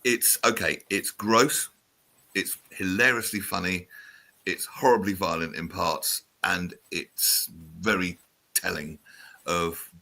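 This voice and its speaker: Forceful husky-voiced male radio host. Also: low-pitched, takes it slowly. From south of England. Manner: chatty, animated, reads out listener messages. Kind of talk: casual radio chat.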